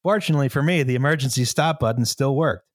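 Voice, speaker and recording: A man's voice: medium pitch, no echo. Man reading a story aloud, dry mic. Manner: measured storytelling, breaks into laughter. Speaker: story reader.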